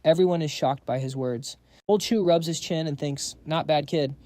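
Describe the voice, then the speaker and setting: A man narrating a comic story recap in an even storytelling delivery. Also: on the high side, normal speed.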